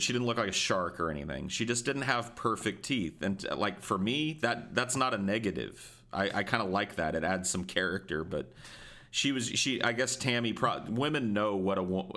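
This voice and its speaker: A man's voice: sits low, a bit bright. A man co-hosting a podcast, telling a rambling, profane story in a casual way. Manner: profane, rambling, laughs often. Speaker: podcast co-host.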